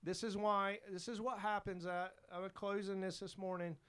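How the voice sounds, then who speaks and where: A man's voice: high voice, flat delivery, normal speed, a bit bright, clean tone. A man preaching a sermon as pastor, fervent and emphatic, repeating his exhortations.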